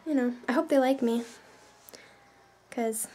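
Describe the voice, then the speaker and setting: A woman's voice: sits high, a little slow, long pauses, dark tone. A woman from Canada, chatting casually in a vlog, rambling with lots of fillers. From Canada, New Brunswick. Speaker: vlogger.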